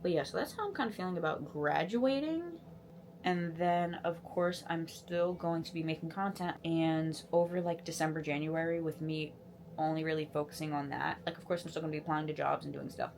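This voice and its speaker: Low-voiced woman in her twenties chatting. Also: fairly quick, slight background noise. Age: 20s. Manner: rambling, self-deprecating, animated. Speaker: beauty content creator. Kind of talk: casual get-ready-with-me chat. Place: home, doing makeup.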